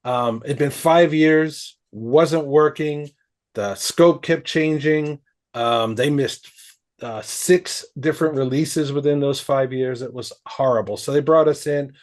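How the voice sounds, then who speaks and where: A man on a panel, speaking in a measured, conversational way with frequent ums and uhs. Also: fairly high pitch. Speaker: agile coach, panel guest.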